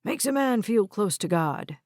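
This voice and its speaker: A gruff old grandfather, as a woman puts him on. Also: mid-range voice, expressive, a little slow, darkish tone, no echo, clean studio sound, lightly acted. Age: over 70. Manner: gruff and plainspoken. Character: elderly grandfather, gruff, blunt, old-fashioned.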